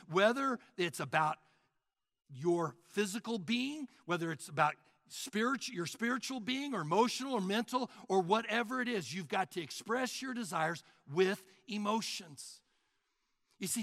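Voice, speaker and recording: Older guy preaching, high lively voice, bright and gravelly, dry sound. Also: no room sound. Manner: animated preaching, acts out mock prayers. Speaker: pastor. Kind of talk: sermon.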